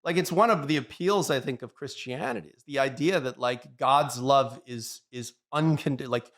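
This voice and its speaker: A man talking earnestly and reflectively in a podcast debate, slowing down to stress his points. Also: mid-range voice, a bit bright.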